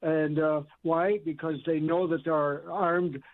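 A man's voice: fairly high pitch, level tone. A man calling in to a radio show, stumbling through his opinion with fillers and restarts. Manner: halting, many fillers and restarts. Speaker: caller. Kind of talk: call-in opinion. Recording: tinny phone line.

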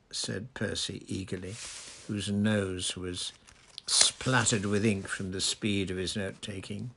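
A man reading a novel aloud in a measured, low-key narration. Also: flat delivery, creaky, sharp tone, a little hiss or hum. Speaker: audiobook reader.

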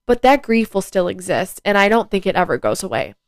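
A woman's voice: mid-range voice, sing-song, fairly quick, no room sound. A teenage girl hosting her own podcast, talking casually and rambling with lots of ums and likes. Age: teens. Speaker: podcast host. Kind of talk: casual solo podcast talk.

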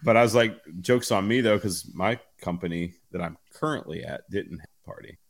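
A man's voice: low-pitched, fairly quick. A man in casual podcast chat, telling a story with lots of laughter and swearing. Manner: animated storyteller, laughs often, swears freely. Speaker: podcast co-host.

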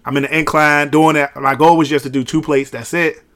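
A man co-hosting a podcast in casual chat, an animated storyteller who acts out the people in his stories. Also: fairly high pitch, a little fast. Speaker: podcast co-host.

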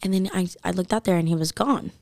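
A woman's voice: on the low side, fast, darkish tone, no room sound, studio quality. A young woman in casual chat, animatedly telling a story, acting out voices and saying "like" constantly.

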